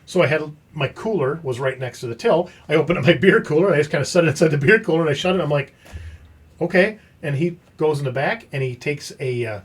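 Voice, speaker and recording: A man's voice: a little high, quick pace, slightly rough. A man hosting a podcast, telling a story in casual chat and acting out the quoted dialogue. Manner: animated, acts out quoted dialogue. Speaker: podcast host.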